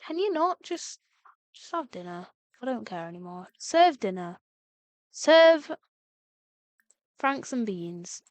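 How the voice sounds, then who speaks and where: A woman's voice: mid-range voice, sing-song, unhurried, dry recording. A young woman streaming a game live, chatty and exasperated, swearing at the game. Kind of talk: live gameplay commentary.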